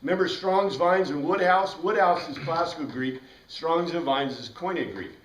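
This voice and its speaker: A man with a fairly high voice leads a Bible class in a loose, rambling way, now and then spelling out words letter by letter. He is recorded from some distance, so the sound carries the echo of a roomy classroom. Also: normal speed, fairly bright tone. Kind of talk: informal classroom lecture.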